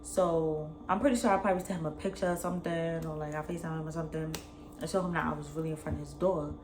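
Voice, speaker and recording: A young adult woman, telling a personal story in a slangy, animated way. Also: low-pitched, quick pace, very noisy. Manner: animated, slangy retelling, acts out both sides. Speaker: vlogger. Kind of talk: casual storytime.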